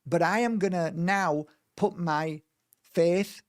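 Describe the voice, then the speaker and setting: A man speaks as a healer guiding a workshop, earnest and meandering, often restarting his sentences. His voice sits a bit higher than most men's. The sound is dry and close, with no room around it. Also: takes it slowly, no room sound. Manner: earnest, rambling, with frequent restarts and mimicked voices. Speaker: spiritual healer leading a workshop. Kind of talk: informal spoken workshop talk.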